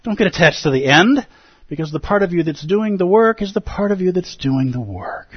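A man's voice: high-pitched, lively intonation, brisk, breathy edge, dry recording. A man teaching a Zen dharma talk to a group, conversational and playful, often tagging lines with "like" and "right?". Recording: dull, lo-fi and dry.

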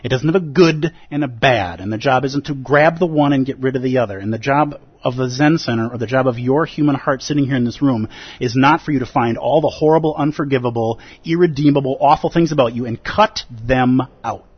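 A man teaching at a Zen center, giving an emphatic, animated dharma talk and acting out the inner voices of his listeners. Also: mid-range voice, fairly quick, slightly rough, no room sound, muffled recording. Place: Zen center meditation hall.

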